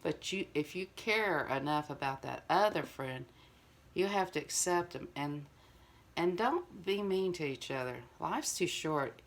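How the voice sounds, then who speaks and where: An older woman with a drawl speaks to her viewers in a fairly low voice. She talks in a loose, earnest ramble, circling back with "you know" as she makes her point. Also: expressive, unhurried. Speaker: vlogger. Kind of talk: casual heartfelt monologue to viewers.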